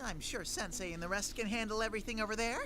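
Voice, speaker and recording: A male voice actor playing an excitable, childlike bear mascot who bursts out indignantly in a game. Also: high-pitched, quick pace, over music, close to an everyday voice. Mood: eager.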